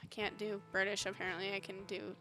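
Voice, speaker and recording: A woman's voice: medium pitch, little pitch movement, fast talker, over music. A woman streamer reading a story game's dialogue aloud live, putting on character voices and chatting between lines. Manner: chatty, reads dialogue aloud, self-commenting. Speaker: streamer playing a narrative game.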